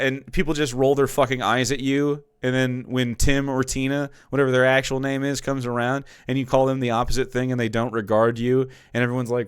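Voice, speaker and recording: A man's voice: mid-range voice, fairly quick, few pauses, a bit bright, smooth, no room sound, studio quality. A man streaming and ranting about politics in a heated, profane, mocking way.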